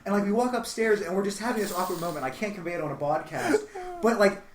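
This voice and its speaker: A man telling a long story on a casual podcast, animated and growing louder as he quotes himself. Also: high-pitched, fast, a crowd in the background. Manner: animated, voice rises to near-shouts when quoting himself. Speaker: comedian guest telling a story. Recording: echoey room with faint noise.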